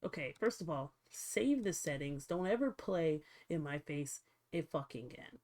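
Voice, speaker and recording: A woman streamer chatting casually to her viewers, swearing freely and reacting out loud while she fiddles with settings. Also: deep voice, expressive, moderate pace. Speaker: livestreamer. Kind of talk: casual livestream chat.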